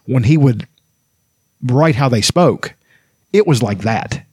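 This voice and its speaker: A man's voice: medium pitch, animated, takes it slowly, a little mellow, husky, dry recording, clean studio sound. A man co-hosting a podcast, rambling casually with frequent restarts and swearing. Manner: rambling, profane, restarts sentences. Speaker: podcast co-host. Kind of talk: casual chat.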